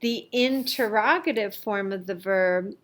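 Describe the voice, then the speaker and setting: A middle-aged woman teaching a lesson, explaining slowly and carefully with the odd filler as she reviews worksheets. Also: mid-range voice, a bit bright. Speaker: Latin teacher.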